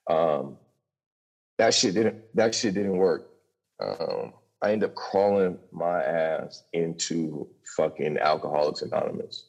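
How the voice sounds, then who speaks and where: A man's voice: sits low, takes it slowly, vocal fry, darkish tone. A young man telling his own story with candid, profane energy, stumbling over short restarts. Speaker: podcast guest telling his recovery story.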